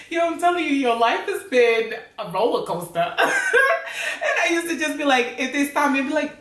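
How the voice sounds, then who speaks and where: A woman from Africa with an American accent, telling a story in a casual, slangy, animated way and laughing often. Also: a little high, fairly quick. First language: Criollo. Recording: roomy, mic at a distance.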